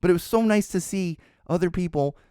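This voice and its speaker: A man's voice: sits high, a little fast, warm tone, clear, resonant tone, no echo, clean studio sound. A middle-aged man hosting a podcast, telling stories in a casual monologue that rambles through restarts and asides. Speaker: podcast host.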